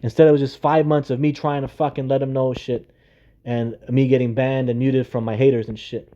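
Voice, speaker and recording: A man in an exasperated monologue, venting his grievance and repeating rhetorical questions again and again. His speech is peppered with profanity. His voice sits at an ordinary middle pitch for a man. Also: little pitch movement, brisk, dark tone, lo-fi sound. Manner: aggrieved, exasperated. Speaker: gaming video creator. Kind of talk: ranting monologue to camera.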